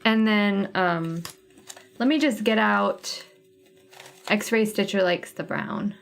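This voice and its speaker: A woman with a creaky, mid-range voice takes it slowly as she hosts a casual cross-stitch stream, faint music behind her. She chats with viewers and talks through her thinking while sorting flosses.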